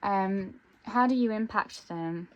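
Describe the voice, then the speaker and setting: Woman, tarot reader, musing, thinks aloud, mid pitch. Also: takes it slowly, highs cut off. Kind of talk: intuitive tarot reading to camera.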